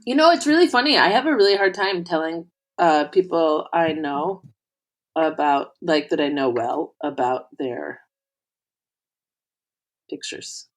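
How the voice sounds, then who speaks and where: A woman's voice: low voice, lively intonation, a little slow. A woman co-hosting a podcast, chatting casually and rambling with many fillers. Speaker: podcast co-host. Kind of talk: casual chat.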